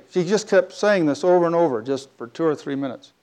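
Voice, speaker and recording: A man telling a personal story in a talk, animated, with big swings between loud and quiet. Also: fairly high pitch, brisk.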